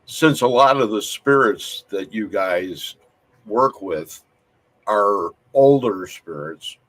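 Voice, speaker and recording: A man hosting a paranormal podcast, asking his guests questions in a slow, measured way that drops to quiet asides. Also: lowish voice, expressive. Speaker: podcast host. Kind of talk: interview conversation.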